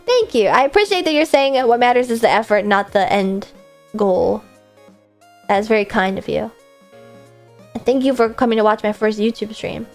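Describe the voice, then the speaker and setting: Young woman VTuber, late-night Q&A, higher voice, tired, chatty, deadpan edge, soft music under. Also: normal speed, long pauses. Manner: chatty, self-deprecating, drifts into deadpan. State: late-night tired, coming down from an energy drink. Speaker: VTuber streamer. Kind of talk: casual livestream Q&A, reading fan messages aloud.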